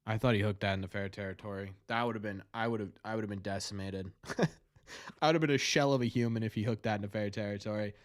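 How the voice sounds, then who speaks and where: A man hosting a fan show, commenting live on a game as he watches, nervous and excitable, repeating his cheers. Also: on the low side, fast, dry recording, clean studio sound.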